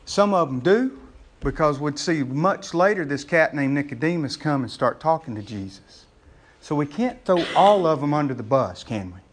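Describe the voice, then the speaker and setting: A man, a pastor preaching a sermon in a conversational way, calling the congregation "gang" and getting loud and excited as he acts out scenes. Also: a little high, normal speed, slight background noise.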